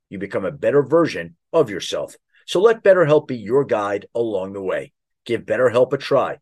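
Guy reading a podcast sponsor spot, smooth, lots of pitch movement. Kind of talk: read advertisement.

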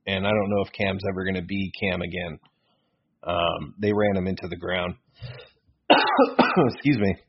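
A man co-hosting a casual sports podcast, rambling and excitable, often correcting himself mid-sentence. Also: deep voice, moderate pace, long pauses, slight background noise. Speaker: podcast co-host. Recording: dull lo-fi podcast audio.

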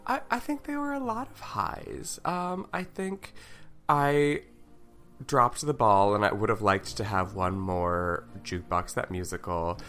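A man's voice: on the low side, expressive, sharp tone, faint music behind. A man co-hosting a podcast in casual chat, rambling and restarting his sentences often. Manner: rambling, halting with many restarts. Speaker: podcast co-host.

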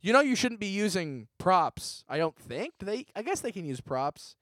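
A podcast co-host with a slightly raised pitch, trading stammering, exasperated banter. The sound is close and dry, with no room around it. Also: male voice, very animated, normal speed, a bit bright, no room sound. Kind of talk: improvised comedy podcast.

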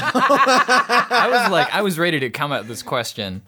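A man hosting a casual chat, relaxed and hesitant, with lots of fillers. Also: medium pitch, normal speed. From United States. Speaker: podcast host.

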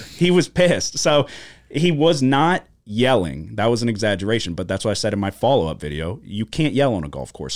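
Low-voiced podcast dude, cussing constantly, doing little voices for people he quotes, dry studio sound. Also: no echo. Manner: profane, animated storytelling with quoted voices. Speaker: podcast co-host. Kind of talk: casual chat.

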